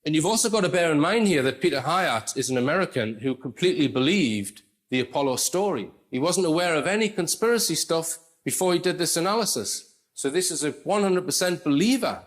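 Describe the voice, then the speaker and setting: A man's voice: fairly high pitch, lively intonation, brisk. Man giving conversational analytical commentary. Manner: conversational, explaining with asides and restarts. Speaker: presenter.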